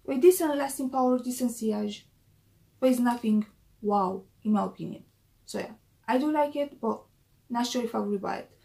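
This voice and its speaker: Chatty woman with a gravelly, mellow voice. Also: a little high, normal speed. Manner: chatty, repeats key phrases for emphasis. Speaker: perfume reviewer. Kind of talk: casual perfume review vlog.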